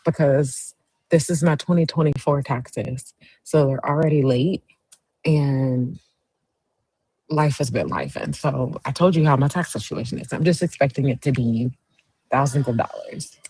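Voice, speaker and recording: A woman hosts a casual livestream, chatty and encouraging as she reads out viewer comments. Her voice is husky and mellow, and she talks at an unhurried pace. The sound is close and dry. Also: very deep voice, dry recording, poor audio. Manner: chatty storyteller, cheers viewers on warmly. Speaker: host.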